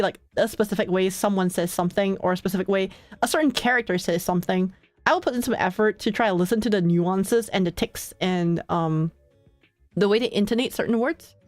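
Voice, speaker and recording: A young woman streamer chatting casually with her viewers, relaxed and full of filler words, often laughing between thoughts. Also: mid-range voice, no echo. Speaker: streamer hosting her own channel.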